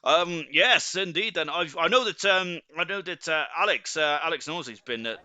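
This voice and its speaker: A man's voice: a little high, animated, normal speed, hardly any pauses, pushed and bright, clean tone, no room sound. A British man commentating a sim racing league live, rambling with lots of fillers and joking about himself. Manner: rambling, filler-heavy, self-deprecating banter. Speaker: esports race commentator.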